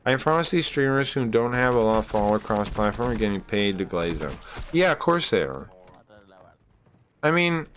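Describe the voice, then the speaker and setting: A man's voice: medium pitch, very animated, normal speed, a bit bright, a little hiss or hum. A man streaming live, chatting loosely with his viewers and reading numbers off the screen as he goes. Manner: loose and rambling, talking to chat and tallying numbers aloud. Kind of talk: casual live-stream chat.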